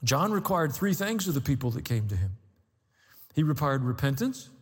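A man's voice: medium pitch, very animated, moderate pace, husky, long reverb tail. A man preaching a sermon as pastor, conversational with dry humor and building emphasis.

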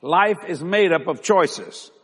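An older man pastor preaching a sermon, building to loud, emphatic delivery, stretching key words and calling on the congregation to answer. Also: sits high, expressive, takes it slowly, husky. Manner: calls on the congregation for responses. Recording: long reverb of a large hall.

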